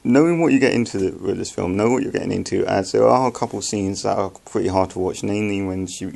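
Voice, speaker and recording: A young man giving a casual, halting film review, with many ums and restarts as he talks to his viewers. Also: on the low side, vocal fry, darkish tone.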